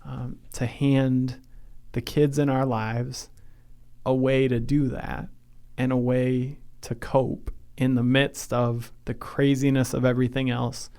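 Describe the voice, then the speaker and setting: A man's voice: medium pitch, level tone, slow, a little mellow, clear, resonant tone. A man hosting a podcast interview who talks in a friendly, self-deprecating and reflective way. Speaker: podcast host.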